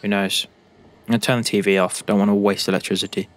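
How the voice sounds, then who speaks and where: British guy narrating his playthrough, low-ish voice, jokey and chatty with the characters. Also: level tone, fast. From Britain. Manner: jokey, talks to the game characters. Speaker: gaming YouTuber. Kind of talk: game commentary.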